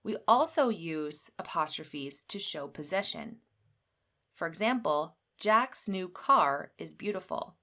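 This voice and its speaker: A woman teaching an English grammar lesson, explaining rules slowly and clearly and reading example sentences with lively emphasis. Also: on the low side.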